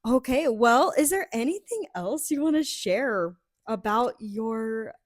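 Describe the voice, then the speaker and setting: A young adult woman co-hosting a podcast in casual chat, excitable and gushing. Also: a little high, slow pace, dry recording, studio quality. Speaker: podcast co-host.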